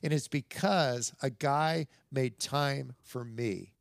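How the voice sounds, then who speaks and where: A man's voice: medium pitch, slow pace, vocal fry, crowd noise. A middle-aged man, a guest on a podcast, telling stories in casual conversation and acting out the voices in them. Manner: animated storyteller, acts out quoted dialogue, chuckles between lines.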